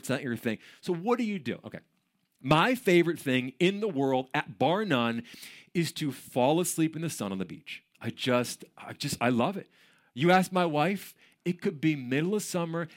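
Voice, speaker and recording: A male pastor preaching with a lively, sing-song delivery, his pitch rising and falling freely. He talks in a conversational way, cracks jokes and tells animated stories to the room. His voice sits at an ordinary middle pitch for a man. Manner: conversational and joking, with animated storytelling. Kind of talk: sermon.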